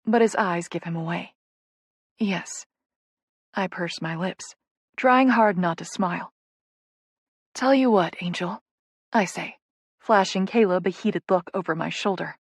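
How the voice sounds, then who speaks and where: A woman's voice: fairly low pitch, normal speed, dry recording. A woman narrating a first-person romance audiobook in an intimate, playful way, on a close studio mic.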